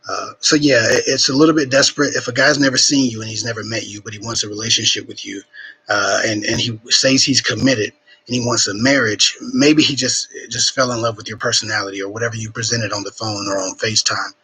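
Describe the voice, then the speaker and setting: A man hosting a live Q&A, giving frank dating advice in casual chat, swearing freely and filling pauses with ums, sniffling a bit, streaming from home. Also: on the low side, fairly even intonation, bright, forceful tone, slightly rough, low-quality recording. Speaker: relationship advice livestream host.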